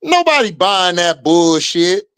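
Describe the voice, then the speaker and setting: A man's voice: high voice, very animated, slow pace, a bit bright, clean tone. A man hosting a livestream, casually commenting and reacting to chat, drawling and laughing often in slangy talk. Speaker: livestream host.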